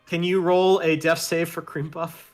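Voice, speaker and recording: A man's voice: fairly high pitch, flat delivery, a little slow, faint music behind. A man running a tabletop game as game master, playful and encouraging, laughing often as he narrates.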